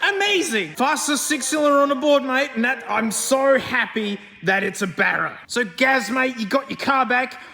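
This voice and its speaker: Australian male car vlogger, high and excitable, slangy and quick to laugh; reverberant garage sound. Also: vocal fry. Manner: excitable, chatty, laughs often, lots of slang. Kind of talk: casual commentary over car work and testing.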